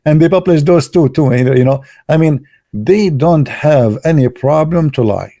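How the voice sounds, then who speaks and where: Gravelly-voiced man. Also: on the high side, dark tone, no echo, studio quality. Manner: halting, many fillers and restarts, sarcastic asides. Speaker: online commentator. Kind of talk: casual live commentary.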